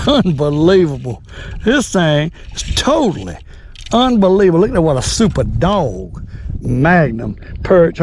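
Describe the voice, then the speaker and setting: Excitable older man on a boat. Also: high voice, a little slow, slight background noise, low-quality recording. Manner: excitable, folksy, repeats exclamations. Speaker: fishing channel host. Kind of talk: casual fishing vlog narration. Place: on a boat on a lake.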